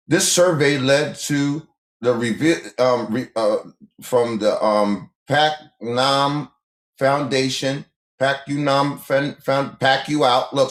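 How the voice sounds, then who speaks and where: A man hosting a casual livestream monologue, talking emphatically, repeating phrases and firing rhetorical questions at the chat. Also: medium pitch. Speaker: livestream host. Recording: echoey room sound.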